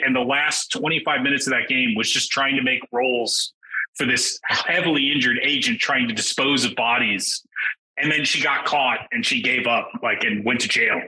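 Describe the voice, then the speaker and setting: A man's voice: mid-range voice, poor audio. A middle-aged man, a game designer, chatting casually as a podcast guest and acting out quotes with sudden jumps in his voice. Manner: animated, acts out quotes in raised voices.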